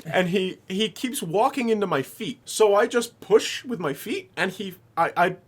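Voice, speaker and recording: A man's voice: high-pitched, animated, moderate pace, slight background noise. Young guy on a podcast telling a story, rambly, swears a lot, laughs into it. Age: young adult. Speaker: podcast co-host. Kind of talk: casual storytelling.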